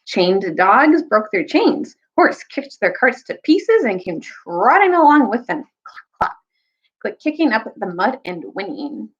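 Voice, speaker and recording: A young woman telling a children's story, recapping and reading aloud in a casual, animated way. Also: measured pace, few pauses, husky, muffled recording. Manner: animated, jumps high for quoted characters.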